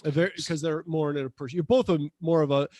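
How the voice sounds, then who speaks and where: A man in his fifties co-hosting a podcast, chatty and quick to laugh in casual conversation. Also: on the high side, dry recording, clean studio sound. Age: 50s. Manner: animated, chatty, laughs easily. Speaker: podcast co-host.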